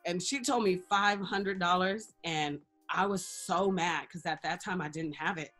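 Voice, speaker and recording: Expressive woman telling her story, faint music. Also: on the low side, unhurried. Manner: expressive, laughs often, acts out quoted dialogue. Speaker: interview guest, radio personality and life coach. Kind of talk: candid storytelling in a casual interview.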